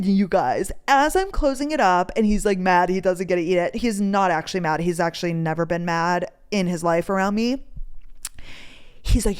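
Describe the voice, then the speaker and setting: On her podcast, a young woman speaks at a normal pace in a low-leaning voice that's clear and resonant. Her casual monologue is a meandering story about daily life, full of cursing and lively impressions of others' words.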